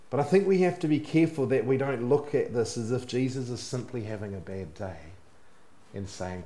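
A man preaching a sermon in an earnest way, often letting his phrases sink low and soft at the end. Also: a little fast, reverberant. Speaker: pastor.

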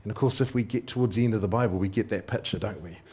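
Speaking fast in a husky, fairly low voice, a man preaches a sermon that explains scripture conversationally. He reads passages with animation and keeps tossing in rhetorical tag questions.

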